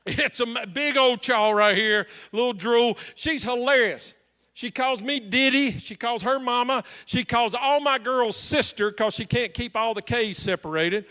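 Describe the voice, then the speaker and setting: A man's voice: extremely high pitch, unhurried, sharp tone. A male pastor telling a story in a sermon, in a humorous, anecdotal way, in a large church. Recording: long hall reverb.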